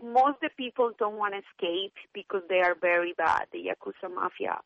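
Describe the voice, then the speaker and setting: A woman from Colombia with a Colombian Spanish accent, earnestly giving personal testimony in a radio interview in halting, non-native English. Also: mid-range voice, creaky, dry recording, lo-fi sound. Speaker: interview guest.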